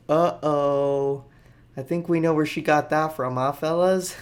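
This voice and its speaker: A male podcast host who reads out headlines and riffs on each one with offhand jokes. His delivery is loose and rambling, and his voice sits in an ordinary middle pitch. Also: moderate pace. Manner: jokey, rambling, offhand asides. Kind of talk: casual comedic news commentary.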